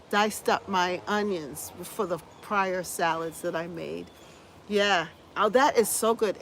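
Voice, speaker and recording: A woman's voice: a little high, fairly bright tone. A woman with a scratchy voice hosting a casual gardening livestream, chatting to viewers and reading their comments, effusive and upbeat with lots of repeated phrases and exclamations of hallelujah. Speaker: gardening channel host.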